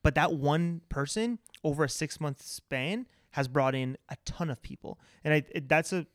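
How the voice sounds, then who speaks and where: A man's voice: on the high side, normal speed, no room sound, studio quality. A man from Canada, a guest artist, earnestly explaining his points at length in casual podcast chat. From Toronto, Canada.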